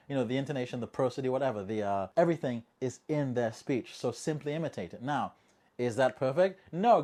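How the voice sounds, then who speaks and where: A man hosting a casual monologue video, chatty and jokey, tossing in rhetorical asides and swinging between quiet remarks and loud bursts. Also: medium pitch. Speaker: language-learning video host.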